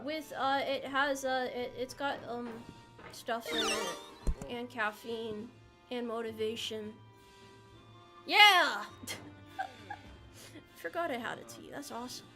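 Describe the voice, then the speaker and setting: A woman's voice: sits high, sharp tone. A young American woman streaming a game, chatting playfully with her viewers in a rambling way. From United States. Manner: playful, rambling, answers chat. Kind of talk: casual live-stream chat while gaming.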